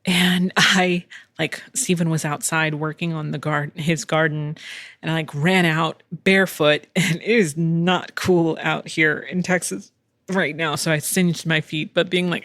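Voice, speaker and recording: A woman's voice: deep voice, fairly even intonation, unhurried, fairly bright tone, dry recording. Woman podcast host, candid storyteller, frequent laughs, dry close sound. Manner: candid, chatty, laughs often, swears casually. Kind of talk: casual storytelling monologue. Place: home in Texas.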